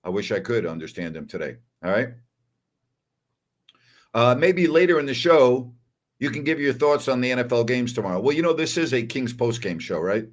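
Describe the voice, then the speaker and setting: A man's voice: medium pitch, animated, moderate pace. Man, New York accent, sports postgame host, casual chat, emphatic, keeps asking "all right?". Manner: emphatic and repetitive, with tag questions. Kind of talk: casual livestream chat, reading viewer comments.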